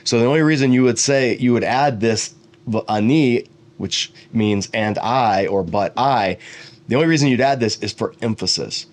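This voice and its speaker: A middle-aged man teaching Bible commentary, explaining Hebrew words and reading translations aloud with quick asides. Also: mid-range voice.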